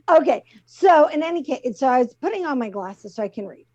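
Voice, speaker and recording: Chatty middle-aged woman, muffled call audio. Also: high voice. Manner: chatty, laughs easily, explains gently. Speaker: co-host presenting the crystal of the week. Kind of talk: casual chat.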